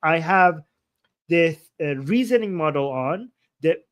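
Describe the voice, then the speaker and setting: A man hosting a livestream, explaining his method in a blunt, animated, casual way and swearing freely. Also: fairly high pitch, slow. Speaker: livestream host.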